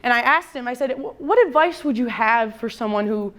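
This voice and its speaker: A young woman telling a funny story to a crowd. Her voice sits a little high and stays lively, and she keeps breaking off for quick comic asides as she builds toward the punchline. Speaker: service member speaking at an event. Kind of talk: storytelling speech to an audience.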